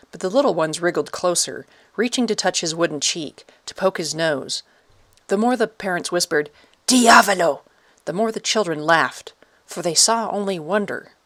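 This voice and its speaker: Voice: mid-range voice, fairly bright tone, no room sound. A narrator reading a dramatic story aloud in scripted audiobook narration on a close studio mic.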